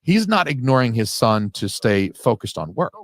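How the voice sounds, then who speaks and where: A man's voice: mid-range voice, big pitch swings, normal speed. A man hosting a casual audio commentary on a film, talking in a rambling, analytical way with the odd swear word.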